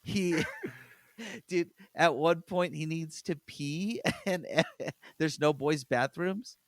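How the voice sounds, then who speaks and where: A man's voice: on the high side, slow pace, dry recording, clean studio sound. A man hosting a podcast in casual chat, chatty and laughing as he retells scenes. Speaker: podcast host.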